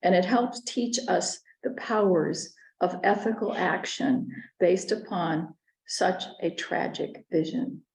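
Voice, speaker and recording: A woman's voice: fairly low pitch, takes it slowly, a little mellow, echoey room, rough recording. A woman giving a talk, telling a personal story in an earnest way with small restarts. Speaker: conference speaker. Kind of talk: storytelling lecture.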